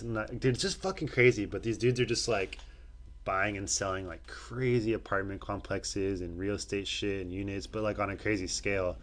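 A man's voice: lowish voice, fairly even intonation, moderate pace. A young man co-hosting a podcast, chatting casually and profanely in a loose, rambling way. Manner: rambling, loose, puts on loud mocking voices when quoting people. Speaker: podcast co-host.

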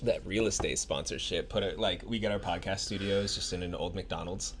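Young man, gravelly low voice, fast and animated, joking co-host. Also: slight background noise. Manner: joking, quick interjections. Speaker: podcast co-host. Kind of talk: casual chat.

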